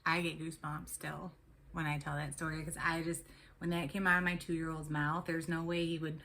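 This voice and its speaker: A woman's voice: low voice, little pitch movement, moderate pace, vocal fry, bright, forceful tone. A woman and mother of three telling a personal story to camera in a casual, rambling way, full of ums and restarts. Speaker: tarot and spirituality vlogger.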